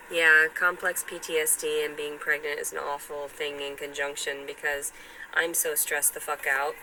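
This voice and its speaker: A woman talks to the camera in a casual vlog. Her tone is very bright and sharp. She rambles on and sounds self-important, with faint noise in the background. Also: low-pitched, rough recording.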